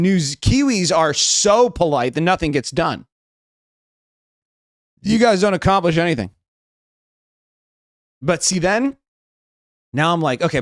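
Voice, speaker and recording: A fairly high-pitched young man with a West Coast American accent rambles casually on his livestream, cursing and thinking aloud while going through chat. The sound is studio quality with no echo.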